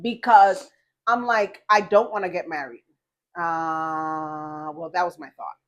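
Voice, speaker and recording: A middle-aged woman co-hosting a faith podcast, telling a personal story in candid conversation and acting out the dialogue with lively voices. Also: deep voice, unhurried. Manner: animated storyteller, acts out dialogue with God and her daughter. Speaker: podcast co-host.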